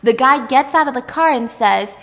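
A young woman tells a story in a lively, chatty way and plays up the drama. Her voice sits fairly high. A long reverb trails behind her speech. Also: moderate pace. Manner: animated, chatty, dramatic retelling. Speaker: storyteller recapping a show. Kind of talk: casual chat.

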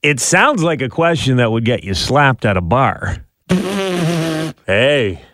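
A man's voice: mid-range voice, animated, takes it slowly, fairly bright tone, dry recording. A man co-hosting a morning radio show, chatty and jokey, laughing often, on a studio microphone. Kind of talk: casual morning radio banter.

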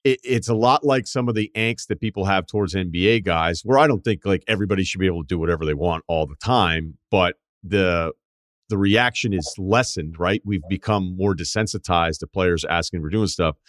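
A man's voice: sits low, fairly quick, a bit bright, dry recording, studio quality. A male podcast host asking questions in a loose, conversational way. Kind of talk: casual interview chat.

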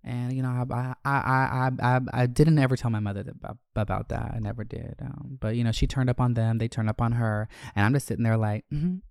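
A man's voice: medium pitch, little pitch movement, brisk, gravelly, few pauses, smooth, no room sound, studio quality. Candid, foul-mouthed young man telling stories. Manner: candid, profane, joking. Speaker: podcast host. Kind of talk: casual storytelling.

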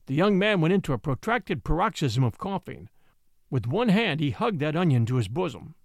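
Animated, high-voiced male story narrator. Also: moderate pace, dry recording, studio quality. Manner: expressive, animated reading.

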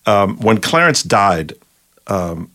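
A man's voice: lowish voice, very animated, slow pace, sharp tone. An older man, a comedy writer, telling anecdotes in a casual chat, often repeating words and laughing at his own punchlines. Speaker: guest storyteller, comedy writer.

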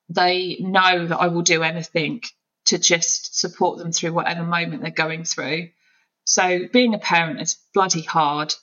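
A woman's voice: fairly low pitch, bright, forceful tone, highs cut off. A woman talking openly and emotionally as a podcast guest, in an open, searching way. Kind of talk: candid conversation.

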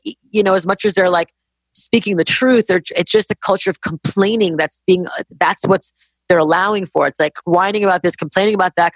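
A woman in her forties, a business-owner guest in a casual interview, talking in an emphatic, animated, rapid way. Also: lowish voice, no echo. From Canada. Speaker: guest entrepreneur.

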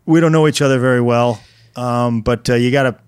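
A man's voice: mid-range voice, steady tone, brisk, a little mellow, smooth. A man co-hosting a comedic podcast who plays along with a mock-earnest manner. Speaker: podcast co-host.

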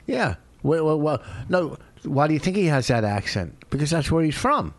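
A man's voice: fairly high pitch, big pitch swings, moderate pace. A middle-aged man co-hosting a show, teasing and nitpicking in sarcastic casual banter. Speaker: co-host reacting to a comedy clip.

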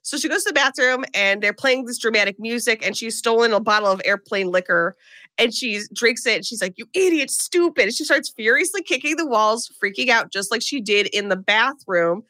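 A woman co-hosting a podcast, telling a movie plot in animated, comic style and acting out the characters' lines. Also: a little high, a little fast, no echo. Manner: animated storytelling, acts out characters' lines in put-on voices. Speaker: podcast co-host recapping a film. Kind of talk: casual comedic movie recap.

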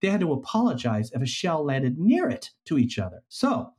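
A man's voice: a little high, normal speed. A man as a podcast guest, telling a historical story casually and acting out the people he quotes. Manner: animated storyteller, acts out quoted figures.

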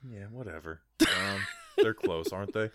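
A man's voice: low-pitched, normal speed, fairly bright tone, dry recording. A man co-hosting a sports podcast in casual chat, rambling and digressive, with lots of "like". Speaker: podcast co-host.

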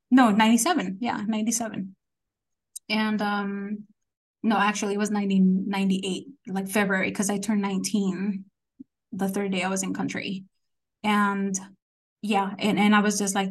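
A woman's voice: mid-range voice, normal speed. Woman in her 40s telling stories on a podcast, casual, does little voices for people she quotes. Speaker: guest. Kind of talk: casual storytelling interview.

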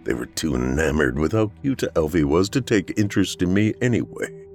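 A man reading a first-person horror story in a somber, measured telling. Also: sits low, very animated, a little mellow, faint music behind. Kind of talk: scripted horror narration.

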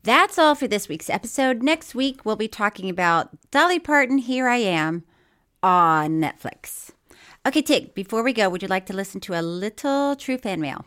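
A woman co-hosting a podcast in casual chat, laughing often and talking in a playful, animated way. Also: mid-range voice, moderate pace. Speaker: podcast co-host.

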